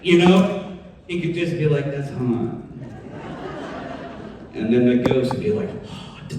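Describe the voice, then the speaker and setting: A man answering fan questions on a convention panel in a jokey, animated way, laughing often. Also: a little high, normal speed. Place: large convention hall. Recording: echoey hall, distant mic, crowd and noise. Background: audience crowd.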